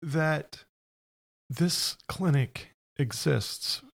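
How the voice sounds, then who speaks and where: A man with a slightly raised, gravelly voice hosts a faith-based conversation. He talks in an earnest, heartfelt way and often speeds up as his feeling builds. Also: on the high side, very slow. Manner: earnest, emotional, speeds up when excited. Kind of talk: faith-based interview chat.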